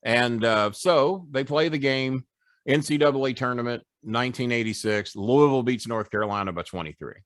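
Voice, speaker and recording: A man in his sixties, a podcast guest and former wrestling manager, telling animated, profane stories and acting out the people in them. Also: mid-range voice, moderate pace, no echo, clean studio sound. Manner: animated storyteller, profane, doing voices. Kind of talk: podcast storytelling.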